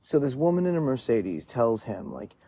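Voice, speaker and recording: A man's voice: medium pitch, very animated, normal speed, dark tone, slight background noise. A man telling a story in a casual monologue, rambling with lots of "like" fillers and frequent swearing. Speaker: podcast storyteller.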